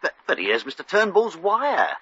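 Stammering nervous desk clerk, lively jumpy pitch, husky, tense, lo-fi old radio. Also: male voice, normal speed, heavily acted. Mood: flustered. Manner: flustered, stammering and deferential. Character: nervous, fawning resort hotel clerk. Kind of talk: 1940s radio comedy acting. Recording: dull lo-fi old radio recording.

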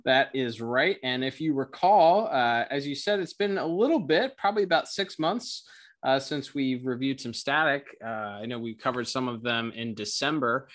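Guy with a bright voice cohosting a podcast, rambly and quick to laugh. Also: medium pitch, lively intonation. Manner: chatty, rambling, laughs easily. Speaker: podcast co-host. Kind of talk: casual podcast review chat.

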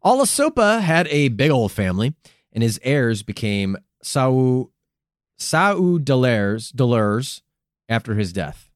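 A man's voice: medium pitch, sing-song, slow pace, no echo. A playful, foul-mouthed man hosting a comedy podcast about history. His voice swings widely up and down as he jokes. The sound is dry and close, with no room around it. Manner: crude, profane, playful narration with silly vocal asides. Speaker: podcast co-host.

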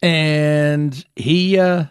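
A man's voice: on the high side, steady tone, drawn-out words, clean tone, dry recording, clean studio sound. A man hosting an opinionated news commentary, sarcastic and full of rhetorical questions. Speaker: commentary show host.

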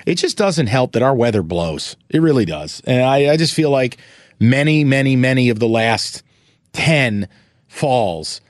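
A man's voice: medium pitch, animated, a little slow, no room sound, studio quality. A man hosting a casual sports podcast, blunt and opinionated, with salty language. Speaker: podcast host.

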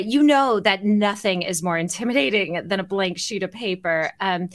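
Rambling, friendly woman podcast host. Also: medium pitch. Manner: friendly, rambling, many ums and laughs. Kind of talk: casual podcast interview.

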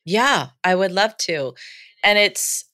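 An American woman in her fifties, a podcast guest, tells her life story candidly and with animation in a casual storytelling interview, laughing easily. Her mid-range voice moves slowly, and the recording is dry.

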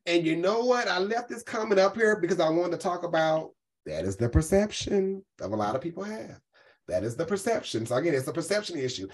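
A man's voice: sits high, sing-song, a little fast. A man hosting a live stream, talking in a sassy, campy way full of "um"s. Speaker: host. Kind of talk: casual live-stream commentary.

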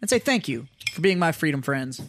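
A man's voice: fairly high pitch, sing-song, a little fast, fairly bright tone, slight background noise. A man hosting a casual podcast, speaking earnestly as he closes the show with a toast. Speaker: podcast host.

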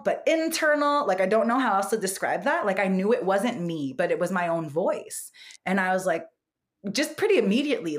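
A woman with a somewhat low-pitched voice tells her own story as a podcast guest. She speaks openly and casually, leaning on plenty of verbal fillers. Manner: candid, animated, heavy use of "like" and "you know". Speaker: guest psychic medium.

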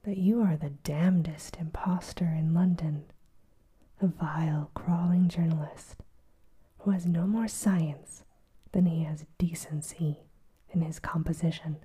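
A woman's voice: low-pitched, fairly even intonation, a little slow, mellow. A woman whispering as a scornful old professor. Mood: raging. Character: gruff older male professor, furious and scornful. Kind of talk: whispered role-play.

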